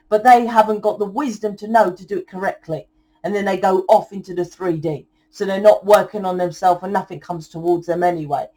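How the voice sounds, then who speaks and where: A young woman giving a channeled tarot reading in a forceful, blunt lecturing way, swearing often. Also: mid-range voice. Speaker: tarot reader.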